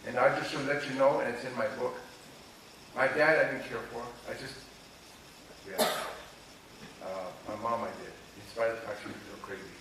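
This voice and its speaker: Animated older man in an echoey room. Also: mid-range voice. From Los Angeles, USA. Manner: animated, confiding, often checks the listener follows. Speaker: author being interviewed. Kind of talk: candid personal storytelling. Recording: echoey room, distant mic, noisy ambience.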